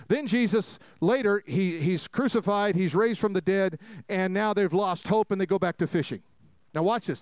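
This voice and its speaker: Man, pastor, folksy storytelling sermon, loud then quiet asides, dry close sound. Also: high-pitched, dry recording. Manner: folksy, jokey storytelling with acted-out quotes; swings between loud preaching and quiet asides. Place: church sanctuary before a congregation.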